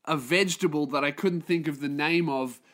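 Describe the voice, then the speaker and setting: Male podcast host, solo rant, profane and self-deprecating, slightly high pitch. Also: brisk, fairly bright tone. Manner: ranting, sweary, self-mocking.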